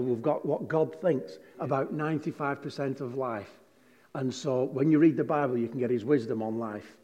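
A man's voice: medium pitch, warm tone. Man preaching in a reverberant church. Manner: conversational, asks the congregation questions. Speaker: pastor. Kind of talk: sermon. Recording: long hall reverb.

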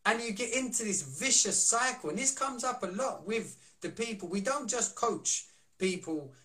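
A man's voice: sits high, animated, moderate pace, sharp tone. A man coaching and chatting on a live stream, asking rhetorical questions and reading out viewer comments. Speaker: wellness coach and co-host. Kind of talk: casual live-stream talk.

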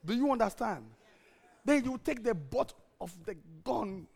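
A male pastor preaching a sermon with emphatic repeated refrains, swinging between shouted lines and hushed, low-spoken ones. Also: animated, a little slow, vocal fry, slightly rough.

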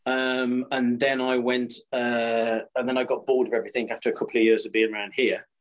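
A man's voice: medium pitch, brisk. A British man in his fifties chatting casually on a podcast, rambling and restarting as he tells stories. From Britain. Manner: rambling, repeats and restarts, animated storytelling. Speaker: supplier to the screen printing trade.

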